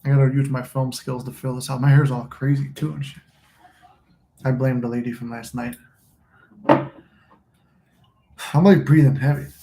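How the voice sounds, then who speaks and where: A man hosting a manifesting channel chats loosely on a phone livestream from a room at home, smoking a cigar, rambling and swearing at times. His medium-pitched voice is level and brisk. The phone recording picks up background noise and an echoey room.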